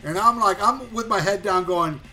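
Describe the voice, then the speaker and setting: Male co-host, high bright voice, profane animated storyteller, light music bed. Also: moderate pace. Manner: animated, profane, acts out voices and shouts at punchlines. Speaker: podcast co-host. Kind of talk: casual storytelling chat.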